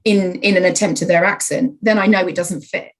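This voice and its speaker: Woman on a podcast, kinda low voice, calm explaining tone. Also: brisk, poor audio. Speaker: podcast guest, content writer. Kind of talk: conversational interview.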